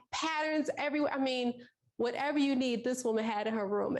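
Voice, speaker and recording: High-voiced woman introducing an instructor. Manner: chatty, fond, with fillers. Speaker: event host.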